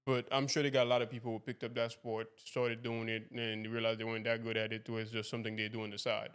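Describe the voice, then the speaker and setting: Fast-talking, rambling podcast host. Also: male voice, medium pitch, monotone, fairly bright tone, smooth. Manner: rambling, repeats and restarts his questions. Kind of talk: casual interview.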